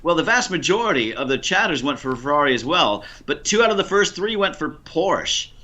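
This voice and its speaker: A man with an American Ohio accent running a quiz, dry, deliberate and teasing. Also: on the high side, sing-song, bright, forceful tone, dull audio. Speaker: quizmaster.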